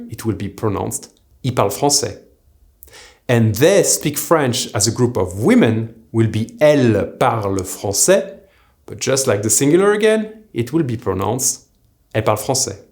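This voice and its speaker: A man's voice: mid-range voice, a little mellow. Man explaining French pronunciation. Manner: clear explanatory delivery, slowing down for example phrases. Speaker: French teacher. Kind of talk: recorded language lesson.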